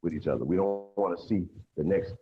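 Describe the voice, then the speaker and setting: A man's voice: deep voice, brisk. A man speaking earnestly on a panel, often checking that listeners follow him. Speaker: panel guest. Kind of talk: casual panel discussion. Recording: dull lo-fi line with faint hiss.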